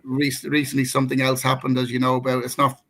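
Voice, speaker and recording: Irish guy, middle-aged, rambling story, lots of ums and restarts, mid pitch. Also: completely flat delivery, fast, fairly bright tone. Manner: rambling, many restarts and fillers. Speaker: co-host. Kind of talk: casual conversation, telling a personal story.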